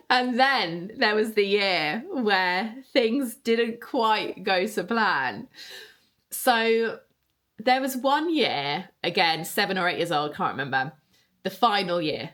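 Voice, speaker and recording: A woman's voice: medium pitch, big pitch swings, slow pace, a bit bright. A young woman hosting her own podcast, telling a childhood story in a chatty, nostalgic way with many fillers and repeated words. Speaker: podcast host. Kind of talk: casual solo podcast storytelling.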